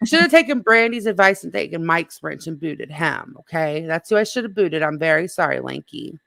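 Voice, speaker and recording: Gravelly, bright-voiced woman streamer. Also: low voice, animated, a little fast, no echo. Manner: flustered, apologetic, swearing. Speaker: live stream host. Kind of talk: casual live chat.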